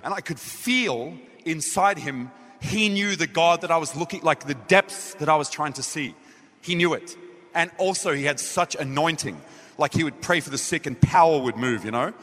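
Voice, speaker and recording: Bright-voiced Australian man preaching. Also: a little high, moderate pace. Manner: animated storytelling, acting out his own dialogue. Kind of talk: sermon. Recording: echoey hall.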